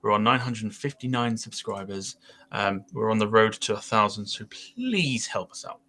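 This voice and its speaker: A man hosts a laid-back podcast with a bright, forceful tone. His speech rambles along with frequent fillers like "um" and "uh", and he keeps the chat loose and friendly. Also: on the low side, expressive, moderate pace. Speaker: podcast host.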